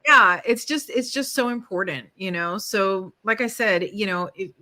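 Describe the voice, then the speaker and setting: A woman's voice: mid-range voice, normal speed, pushed and bright. A middle-aged woman co-hosting a casual talk show, speaking candidly and animatedly, swearing freely and laughing often. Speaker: podcast co-host, studio owner. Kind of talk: casual conversation.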